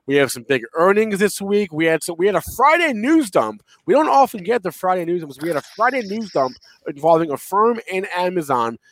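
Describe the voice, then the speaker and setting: A man's voice: high-pitched, sing-song, fairly quick, hardly any pauses, dry recording. A man with a cold giving a nasally voice, hosting a casual morning market show and running through the day's topics. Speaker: podcast host.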